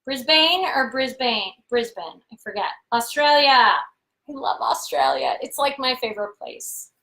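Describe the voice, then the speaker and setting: A bubbly woman in her thirties co-hosting a live chat show, her voice high and bright. She reads out viewer comments with easy, upbeat energy. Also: big pitch swings, unhurried, low-quality recording. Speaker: co-host. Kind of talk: casual live-stream chat.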